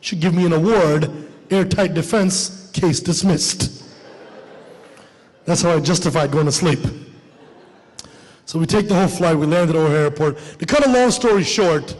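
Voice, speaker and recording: Man, stand-up comedian, animated storytelling, fairly high voice, long hall reverb. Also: normal speed, pauses often. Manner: animated, acts out dialogue.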